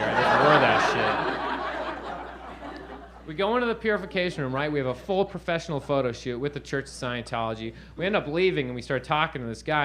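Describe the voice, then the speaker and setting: A man doing stand-up, telling a rambling, profane story and asking the crowd "right?" over and over. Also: mid-range voice. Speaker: stand-up comedian. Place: comedy stage before a live audience. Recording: live room with audience laughter.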